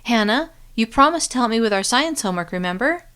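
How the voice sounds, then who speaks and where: A woman voicing a high, emotional teenage girl. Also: lively intonation, fast talker, fairly bright tone. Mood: eager. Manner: higher, youthful voice with strong feeling. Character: sixteen-ish teenage girl, emotional and impulsive.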